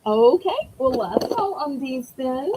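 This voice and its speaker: A woman's voice: sits high, very animated, slow, background noise. A woman with a Southern accent hosting a live-stream auction, chatting in a folksy way and greeting viewers by name.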